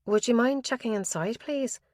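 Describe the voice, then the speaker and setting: A woman's voice: fairly high pitch, moderate pace, a little mellow, no echo, clean studio sound, voice pushed up, natural voice. A woman narrator voicing a female police detective who speaks carefully and politely. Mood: earnest.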